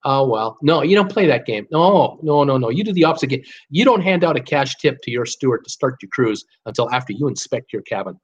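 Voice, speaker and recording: A man's voice: mid-range voice, lively intonation, brisk, few pauses, breathy edge, lo-fi sound. An older man hosting a live cruise talk, giving blunt, fired-up advice in a ranting manner. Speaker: cruise vlogger host.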